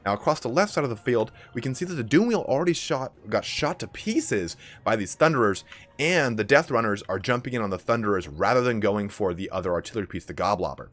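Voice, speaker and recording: A young man with a raspy, allergy-hoarse voice giving casual play-by-play commentary on a strategy game match. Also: fairly low pitch, animated, fairly bright tone. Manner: casual, fast-flowing play-by-play with fillers. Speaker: game caster.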